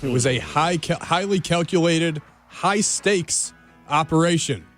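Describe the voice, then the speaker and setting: A man's voice: on the high side, measured pace, a bit bright, soft background music. Wry male co-host reading odd news. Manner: wry, punning storyteller.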